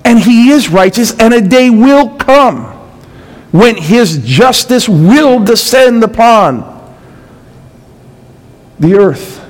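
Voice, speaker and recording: A man's voice: extremely high pitch, expressive, slow pace, pauses often, low-quality recording. A middle-aged male pastor preaching a sermon, building intensity with rhetorical questions and emphatic repetition.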